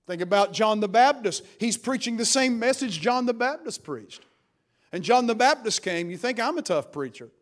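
A man preaches a sermon in a high voice. His delivery is fervent, sinking to near whispers before rising again with force. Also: lively intonation, normal speed. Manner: fervent, swings from hushed to loud. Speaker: pastor.

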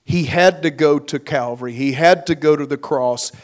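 A man preaching a sermon as pastor, slow and emphatic, his force rising and falling. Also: a little high. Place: church.

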